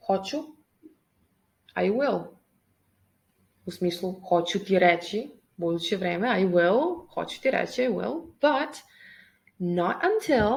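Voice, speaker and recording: A woman teacher works slowly through English grammar, stopping often with fillers. Her voice has a gravelly edge, and her pace is unhurried. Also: mid-range voice, lively intonation, poor audio. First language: Serbian. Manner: hesitant, many fillers, switches between languages. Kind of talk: explaining grammar, reading text aloud.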